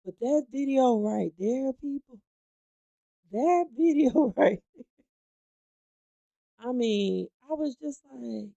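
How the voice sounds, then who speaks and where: A woman's voice: sits high, lively intonation, takes it slowly, vocal fry, long pauses, dark tone, dry recording, muffled recording. A woman hosting a gossip talk show, chatting emphatically and speaking straight to her viewers. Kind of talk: animated gossip commentary.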